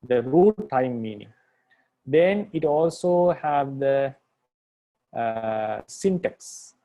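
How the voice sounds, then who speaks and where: Mellow-voiced monk patiently teaching grammar. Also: male voice, mid-range voice, expressive, drawn-out words. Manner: patient, repetitive, restates points with "right?". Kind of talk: explanatory lecture.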